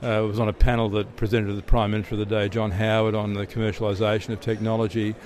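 A man's voice: lowish voice, little pitch movement, fast talker, a little mellow. A middle-aged Australian man, an interview guest telling stories in a chatty way, often restarting and repeating words. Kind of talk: relaxed storytelling answers.

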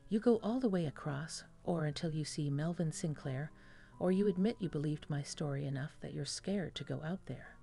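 A woman's voice: low-pitched, normal speed, vocal fry, mellow, faint music behind. A woman voicing a serious, taunting teenage boy in a scary story, cold and insistent.

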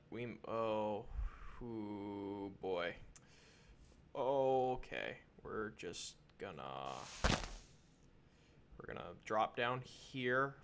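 A man commenting on his own gameplay in a goofy way, talking to the animals and mobs and breaking into panicked yells. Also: on the low side, gravelly. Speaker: gaming channel host. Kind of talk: let's play commentary.

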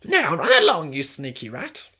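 A storybook reader voicing a flustered, bossy mother duck with a very high, shrill squawk. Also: sing-song, slow pace, vocal fry, bright, forceful tone, exaggerated voice. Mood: scolding. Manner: squawking, scolding.

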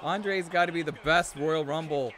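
A high-pitched man streams live and calls a wrestling video game with loud excitement, yelling at big moves and chuckling to himself between viewer shout-outs. A faint hiss of background noise sits under his voice. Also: normal speed.

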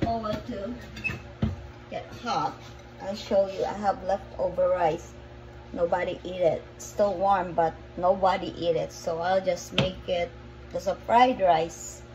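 A middle-aged woman talks through making dinner in her home kitchen, slow and easygoing, wandering off and repeating herself. Chopping and clatter come through clearly behind her voice. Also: mid-range voice, background noise. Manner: chatty, meandering, repeats herself. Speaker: cooking vlogger. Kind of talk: casual cooking vlog. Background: chopping and pan sounds.

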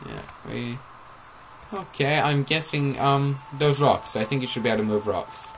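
A man casually coaching a friend through a horror game, jumping between calm tips and sudden excited yelps. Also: medium pitch, normal speed, slight background noise, rough recording. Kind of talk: casual gaming chat.

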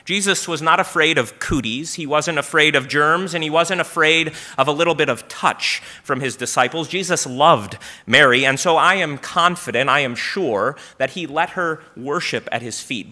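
Bright-voiced pastor preaching a sermon. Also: male voice, a little high, moderate pace, hardly any pauses. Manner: storytelling, asks the congregation questions. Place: church.

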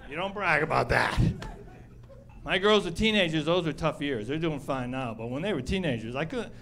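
A middle-aged man doing stand-up comedy on a club stage, animated and acting out the people in his stories. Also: on the high side, normal speed, gravelly, a faint crowd. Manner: animated, acts out characters.

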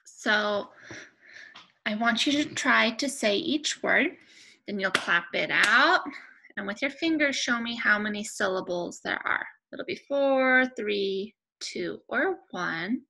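A young woman teaching a remote lesson to young children, speaking patiently and clearly with pauses between words. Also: mid-range voice, expressive, sharp tone, low-quality recording.

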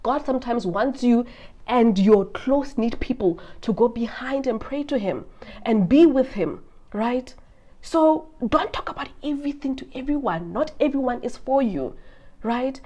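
A woman's voice: on the high side, normal speed. A woman giving a casual Bible lesson, reading scripture aloud and breaking off to comment, often checking in with the viewer. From South Africa. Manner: expressive, reads scripture aloud and then comments; talks directly to the viewer with frequent "right?". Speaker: Christian money vlogger.

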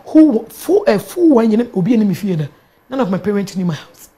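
A woman with a Ghanaian accent, a guest telling her own story in an interview, animated and quick to laugh, mixing local words into her English. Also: mid-range voice. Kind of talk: candid personal storytelling in an interview.

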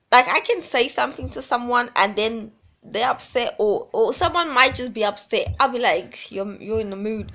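A woman's voice: fairly high pitch, fairly bright tone. A woman, talking bluntly and emphatically in a rambling vlog. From South Africa. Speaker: vlogger. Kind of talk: casual talk to camera.

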